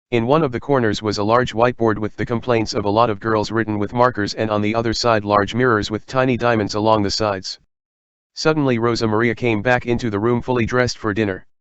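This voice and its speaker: Man, audiobook narrator; steady even read, dry muffled sound. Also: lowish voice, clean tone, no room sound.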